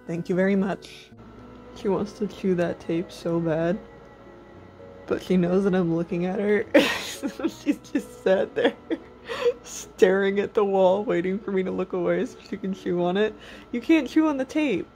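A woman's voice: medium pitch, animated, unhurried, dark tone, faint music behind. A woman vlogging casually, cooing at and playfully scolding her pet rabbit, laughing often.

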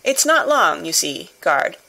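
A woman reading the lines of a composed middle-aged male bank clerk, speaking with quiet businesslike confidence. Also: fairly low pitch, sing-song, measured pace, vocal fry, heavily acted. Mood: calm, businesslike.

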